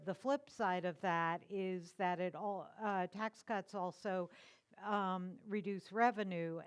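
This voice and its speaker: A woman speaking as a guest advocate, explaining budget issues to an audience in a measured way with some fillers. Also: mid-range voice, clean tone. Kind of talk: explanatory public talk on the state budget.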